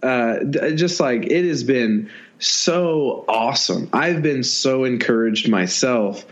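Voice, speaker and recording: Excited guy cohosting a podcast, rambles a lot, kinda muffled lo-fi audio. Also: medium pitch, slow. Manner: enthusiastic, rambling, self-deprecating. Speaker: podcast co-host. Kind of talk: casual podcast chat.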